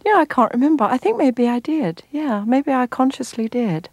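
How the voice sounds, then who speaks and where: A middle-aged woman from England, an actress answering interview questions thoughtfully, pausing and restarting as she searches for words. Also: high-pitched, expressive, darkish tone, no room sound. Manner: thoughtful, frequent restarts and pauses. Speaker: actor, guest.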